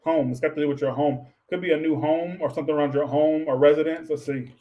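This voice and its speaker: A slightly high-voiced man reads tarot cards live in a loose, rambling way. He sounds worn out, drops the odd swear word, and tags "all right" onto his thoughts. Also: fairly even intonation, quick pace, lo-fi sound, slight background noise. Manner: blunt, swears casually. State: tired, low on energy. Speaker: tarot reader. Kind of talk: casual livestream tarot reading.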